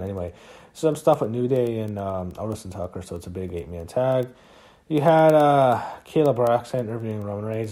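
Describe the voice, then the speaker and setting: A man's voice: medium pitch, mellow. A man giving a casual spoken review of a wrestling show, swearing often and ranting when annoyed. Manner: profane, ranting, easily annoyed.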